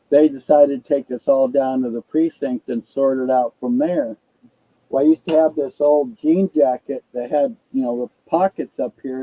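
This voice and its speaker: A man's voice: mid-range voice, dry recording, narrow, tinny audio. An older man telling a long casual story, profane and rambling. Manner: profane, rambling, laid-back.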